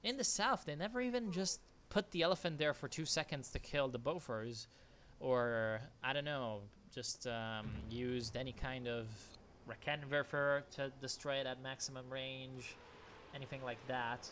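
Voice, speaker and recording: A man giving live commentary on a strategy game match, excitable and swearing freely, often breaking into laughter. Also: mid-range voice, normal speed, a little hiss or hum. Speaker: game caster.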